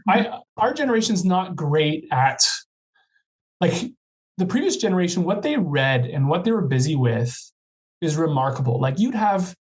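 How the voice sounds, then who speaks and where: A man's voice: on the high side, very animated, normal speed, darkish tone, low-quality recording. A man, a guest professor, talking earnestly in a podcast interview with many restarts.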